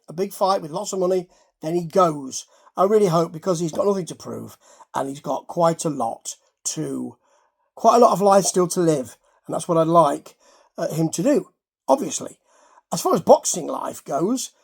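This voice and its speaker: A man's voice: high-pitched, gravelly, breathy edge. A man hosting a casual boxing chat, rambling and correcting himself as he goes. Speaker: host.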